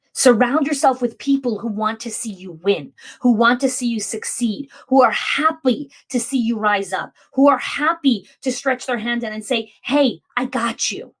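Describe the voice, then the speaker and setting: A woman hosting a motivational podcast, speaking emphatically and repeating key phrases for effect. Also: fairly high pitch. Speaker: podcast host.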